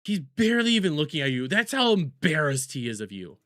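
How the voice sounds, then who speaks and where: A man streaming casual reaction commentary, animated and swearing, often repeating words and mocking the people in the clips. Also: a little high, brisk, dry recording, clean studio sound.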